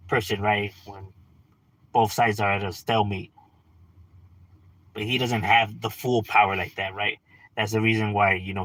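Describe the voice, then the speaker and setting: A man's voice: fairly low pitch, pushed and bright, dry recording, poor audio. A young adult man ranting bluntly and profanely on a livestream, tossing out rhetorical questions. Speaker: livestream host.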